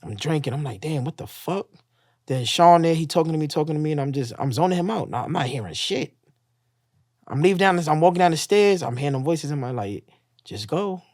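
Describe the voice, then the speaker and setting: Man, podcast guest, profane storyteller who acts out quoted lines; animated delivery, dry close recording. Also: fairly high pitch, fast talker, dry recording. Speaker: guest telling his story. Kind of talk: casual storytelling.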